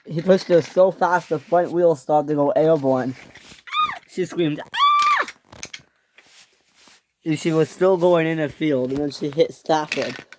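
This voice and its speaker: A storyteller tells a toy train story a little slowly, restarting and correcting himself many times, and gives each character higher, louder lines. The recording is very noisy.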